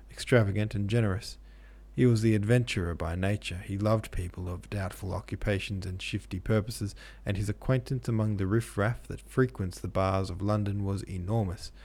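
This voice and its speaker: A man narrating a classic novel in a steady, measured reading. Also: lowish voice. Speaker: podcast host and audiobook narrator.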